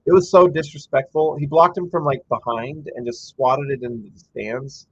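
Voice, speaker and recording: A man's voice: medium pitch, steady tone, moderate pace, slightly rough, no room sound, highs cut off. A man hosting a casual live game-watch stream, chatty and reading viewer comments aloud, breaking into frustrated rants. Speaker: livestream host.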